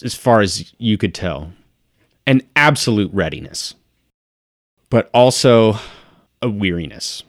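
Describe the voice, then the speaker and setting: A man with a fairly low voice narrates a tabletop game as game master. He describes each scene and quiets down for the dramatic moments, and the recording is dry and close. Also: no room sound.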